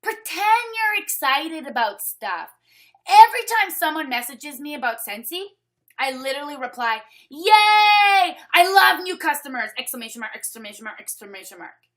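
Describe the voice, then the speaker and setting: Bubbly high-voiced Canadian woman. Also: expressive, fairly quick, a bit bright. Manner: chatty, upbeat, reads chat names aloud. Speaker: direct sales trainer. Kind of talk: casual online training talk. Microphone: webcam.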